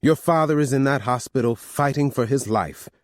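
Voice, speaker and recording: A man reading an audiobook, voicing an older mother who calmly and firmly lays down the law to her grown children. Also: medium pitch, moderate pace, no echo, studio quality, voice pushed up, close to an everyday voice. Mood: firm, commanding. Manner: firm, commanding, calm. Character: stern family matriarch, older woman.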